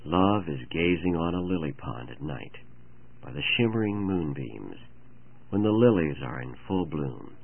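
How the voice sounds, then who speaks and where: A man voicing a dreamy young woman poet in his own deep voice, on a narrow-band old radio broadcast. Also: big pitch swings, a little slow, vocal fry, slightly rough, full character voice. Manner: soft, dreamy.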